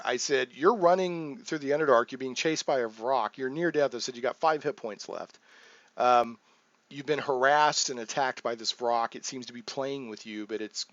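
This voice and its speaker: A man's voice: mid-range voice, fairly bright tone, no echo. A man who runs a tabletop game, chatting loosely about his sessions with lots of restarts and fillers. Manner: rambling, full of restarts and fillers, acts out players' lines. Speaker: game master, channel host. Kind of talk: casual talk about running a tabletop game. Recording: dull muffled sound, dry.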